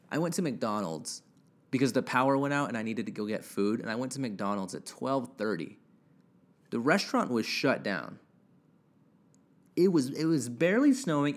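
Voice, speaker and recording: A young man hosting a casual solo podcast from his house, rambling and joking at himself with casual swearing into a home microwave-close podcast mic. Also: medium pitch. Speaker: podcast host. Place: house alone with his dog. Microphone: home podcast mic, gain turned up.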